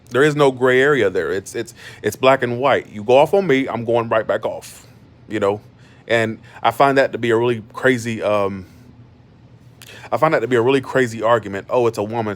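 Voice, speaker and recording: Blunt, emphatic man ranting on his channel. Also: medium pitch. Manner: blunt, emphatic, repeats himself. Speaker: tarot channel host. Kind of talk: casual livestream rant.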